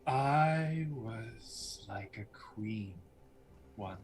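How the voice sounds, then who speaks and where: A man playing a hushed, scheming ex-queen. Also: on the low side, expressive, noisy background. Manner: soft, slow, menacing hush.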